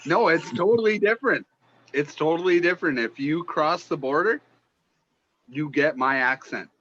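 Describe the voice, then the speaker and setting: Bright-voiced man with a Minnesota-style accent. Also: on the high side, normal speed, muffled recording, a little hiss or hum. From Northwestern Ontario, Canada. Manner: chatty, animated storyteller, swears casually. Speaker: podcast guest. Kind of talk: casual chat.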